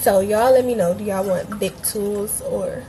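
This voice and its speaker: A young woman from Cleveland who grew up in Atlanta, a bit hoarse, hosting a casual craft tutorial livestream and chatting loosely with her viewers. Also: medium pitch, a little slow, warm tone, soft background music, poor audio. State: a bit hoarse, feels she is losing her voice.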